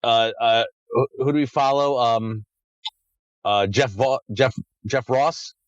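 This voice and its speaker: A man's voice: mid-range voice, takes it slowly, dry recording, dull audio. Crude rambling male podcast host. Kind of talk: casual chat.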